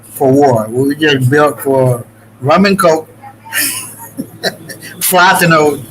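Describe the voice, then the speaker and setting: A man from the Dominican Republic chats on a talk show in a loose, rambling way, swearing freely and often restarting his sentences. His voice sits on the high side with a fairly bright tone, and he speaks slowly; the audio is poor, with a little hiss or hum.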